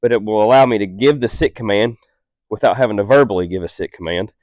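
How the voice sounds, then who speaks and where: Here's a fairly low-voiced man, calm and patient, showing how he trains a dog in an instructional demonstration. Unhurried, steady explanations alternate with curt, stern commands, in a dry, close recording free of echo.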